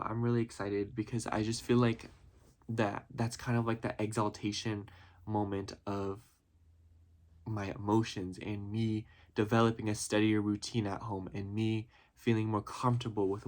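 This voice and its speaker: A man's voice: on the low side, flat delivery, moderate pace, darkish tone. A man vlogging casually about his life, earnest and rambling, full of "you know" and "like", getting emotional at times. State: emotional, near tears at times. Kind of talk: reflective casual vlog talk.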